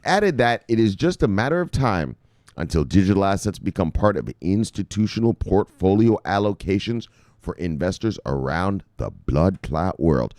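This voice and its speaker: A man hosting a crypto news vlog in loud, profane, boisterous casual commentary, laughing often. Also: low voice, expressive, moderate pace, no room sound, clean studio sound.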